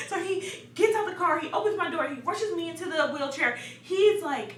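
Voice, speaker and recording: A young woman telling a story in a casual, animated way, laughing often and dramatizing events. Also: very high voice, moderate pace, few pauses. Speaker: vlogger. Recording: echoey room, distant mic, faint hum.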